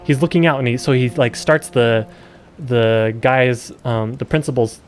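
A man's voice: mid-range voice, steady tone, a little slow, soft background music. A young man streaming a game, rambling casually and swearing while he plays. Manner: swearing, rambling, gets loud and exasperated. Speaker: gaming streamer.

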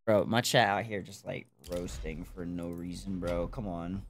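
Slow-talking young streamer, excitable. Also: low-pitched. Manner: chatty, swears, yelps loudly when excited. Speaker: streamer opening game cases. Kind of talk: casual live-stream commentary.

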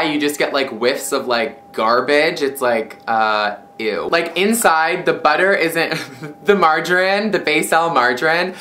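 A woman's voice: low voice, fairly bright tone. A young woman reviewing beauty products in a casual vlog, chatty and giggly, filling her talk with "like". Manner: bubbly, chatty, giggly, heavy use of "like". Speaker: beauty vlogger.

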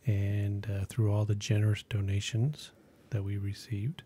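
A woman's voice: extremely low pitch, little pitch movement, unhurried, dark tone, breathy edge. A woman co-hosting a live painting show, bantering casually and laid-back. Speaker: co-host. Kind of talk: casual chat.

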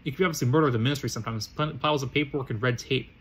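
Cold aristocratic wizard father from a storybook, read plainly by a man, quick delivery, small stumbles. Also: medium pitch, a bit bright, a little hiss or hum, close to an everyday voice.

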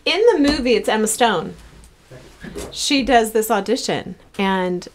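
A woman hosting a podcast, interviewing her guest in a conversational way, reacting warmly and asking follow-up questions. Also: fairly high pitch, lively intonation, unhurried, a little hiss or hum. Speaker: podcast host.

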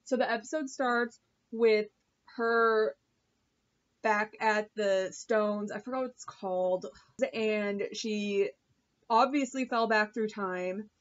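A woman's voice: mid-range voice, fairly even intonation, takes it slowly, lo-fi sound. A woman vlogger reviewing a TV episode in a chatty, gushing way, full of fillers and swearing. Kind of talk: casual chat.

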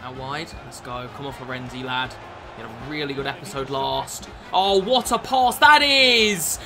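A young man giving football video game commentary, swearing often and shouting at the game. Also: medium pitch, expressive, moderate pace, soft background music. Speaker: gaming YouTuber.

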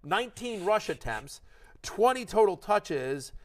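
A man with a fairly high voice co-hosts a fantasy football podcast in a studio. He talks in an excitable, rambling way, backing up and restarting his sentences as he goes. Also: unhurried. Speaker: fantasy football analyst and co-host. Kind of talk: animated sports podcast chat.

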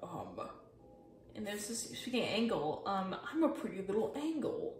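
A woman's voice: medium pitch, sing-song, moderate pace, far from the mic, slight background noise. A young woman casually chatting through her sketchbook, rambling, swearing a lot and mocking herself. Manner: rambling, profane and self-mocking. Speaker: artist showing her sketchbook. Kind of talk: casual chat. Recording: echoey and from off-mic, with music. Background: music playing.

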